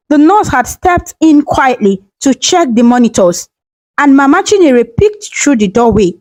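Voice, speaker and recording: A woman narrating a folktale in a gentle, emotional scripted reading. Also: sits high, no echo, low-quality recording. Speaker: storyteller.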